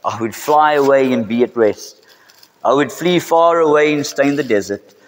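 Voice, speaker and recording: A man with a South African English accent preaching a sermon in a church, building to emphatic, drawn-out key phrases. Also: mid-range voice. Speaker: pastor. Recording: reverberant church hall.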